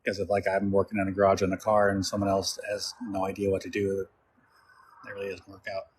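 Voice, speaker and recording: Rambling low-voiced man on a live stream. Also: monotone, a little fast, a little hiss or hum. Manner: rambling, answers viewer questions with fillers. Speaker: cosplayer reading live chat. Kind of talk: casual live-stream chat.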